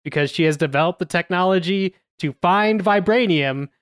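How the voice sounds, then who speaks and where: A woman talks through a film review at a measured pace, with frequent "uh" fillers between thoughts. Her voice is smooth and resonant. The sound is close and dry, with no room around it. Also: fairly low pitch, no echo. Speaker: podcast host.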